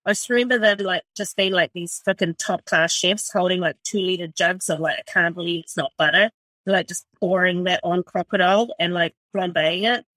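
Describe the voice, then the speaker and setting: A woman's voice: on the low side, a little fast, fairly bright tone, no room sound. A woman in her forties from New Zealand, with a New Zealand accent, telling her story as a chef in a blunt, swear-filled, casual way, full of "like". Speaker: chef and restaurant owner.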